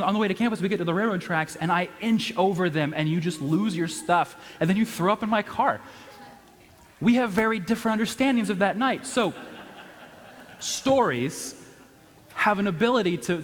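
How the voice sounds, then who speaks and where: A young man telling a funny personal story to an audience at a church event, animated and self-deprecating, with lots of restarts and "right?". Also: on the high side. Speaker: church speaker. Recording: long hall reverb.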